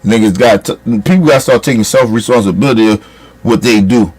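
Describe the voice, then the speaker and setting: A man's voice: on the low side, brisk, a little mellow, slightly rough. A man delivering a heated, profane political rant as a commentator, scolding his listeners.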